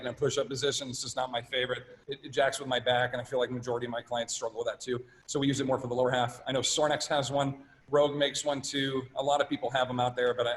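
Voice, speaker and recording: A man's voice: mid-range voice, low-quality recording. A man presenting at a live fitness workshop and answering questions in a casual, practical way.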